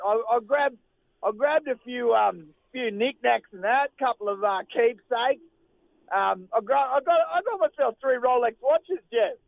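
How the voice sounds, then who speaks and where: A man's voice: very high voice, gravelly, no room sound, heavily acted. A man putting on a boozy, rambling broad Australian bloke on holiday, calling in. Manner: loud, blokey, rambling, chants. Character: boozy ocker Aussie bloke on holiday, middle-aged. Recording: tinny phone line.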